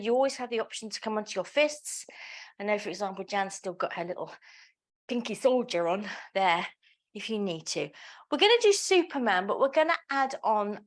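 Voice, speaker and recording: A woman teaching a live pilates class, giving counted cues with joking, chatty asides. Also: a little high. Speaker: pilates instructor. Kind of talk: live exercise class instruction.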